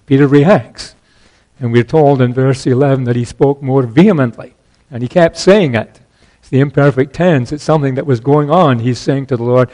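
A man's voice: medium pitch, warm tone, low-quality recording. A man preaching an earnest expository sermon, reading scripture and explaining it with emphatic stresses. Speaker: pastor.

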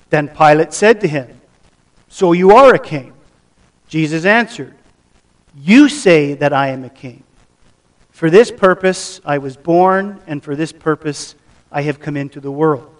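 A man preaching a sermon, reading scripture aloud and then explaining it with measured emphasis. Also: a little high, far from the mic. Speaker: pastor.

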